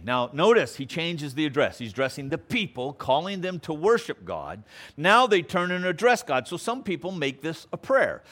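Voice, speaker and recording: A man leading a Bible lesson in an animated, conversational manner. His pitch moves a lot, from low murmured asides to lifted, emphatic declarations. He keeps checking in with his listeners and sometimes acts out quotes with playful voices. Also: normal speed. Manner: conversational, checks in with frequent "okay?"; rises to emphatic preaching on key points. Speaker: Bible teacher. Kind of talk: expository Bible teaching.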